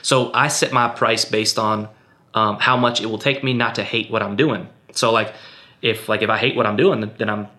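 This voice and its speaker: A young man with a bright, forward voice chats candidly about his film work. He keeps it casual, leaning on fillers and jumping his pitch up to mimic other people. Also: moderate pace. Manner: relaxed and candid, many fillers like um and you know; acts out other people's lines in a raised voice. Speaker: filmmaker guest. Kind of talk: casual interview answers.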